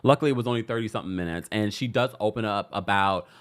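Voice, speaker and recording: A man's voice: on the low side, fast talker. A man hosting a celebrity gossip show, chatting casually with his live audience in a playful, teasing way, laughing often. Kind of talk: casual commentary to a live chat.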